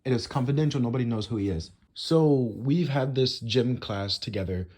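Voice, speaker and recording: Husky teenage guy telling a story. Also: mid-range voice, moderate pace, darkish tone. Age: teens. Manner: rambling, many "you know" and "like" fillers. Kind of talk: casual storytime monologue.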